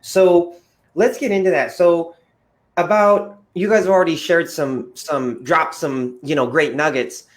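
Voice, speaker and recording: A man hosting a podcast interview, asking rambling, halting questions full of fillers. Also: a little high, fairly even intonation. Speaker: podcast host. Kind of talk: casual interview talk.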